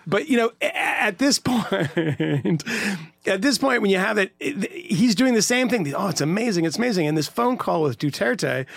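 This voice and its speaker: A man co-hosting a casual political podcast chat, sardonic and rambling, swearing and filling pauses with "uh" and "you know.". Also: high-pitched, big pitch swings, creaky, fairly bright tone, no room sound. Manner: rambling, sardonic, profane, lots of fillers. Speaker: podcast co-host.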